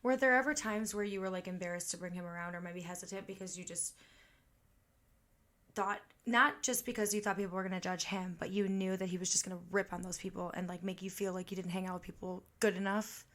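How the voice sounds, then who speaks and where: A woman's voice: lowish voice, fairly even intonation, fairly quick, a bit bright. A woman from Illinois, co-hosting a podcast in casual chat, blunt and swearing, asking probing questions. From Illinois, USA. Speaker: podcast co-host.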